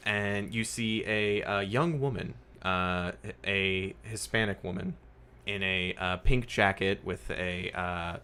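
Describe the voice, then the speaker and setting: A man's voice: low voice, slow pace, bright, forceful tone, smooth. A man narrating a tabletop game as game master, rambling with many fillers.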